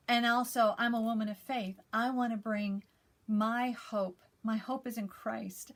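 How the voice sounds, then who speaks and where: A woman chatting casually to camera as a cross stitch vlogger, rambling and emotional. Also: fairly high pitch.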